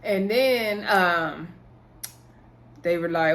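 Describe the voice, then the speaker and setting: A woman casually recapping a TV episode, telling the story in an animated way, acting out what people said and laughing often. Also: mid-range voice, unhurried, pauses often. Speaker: recap host.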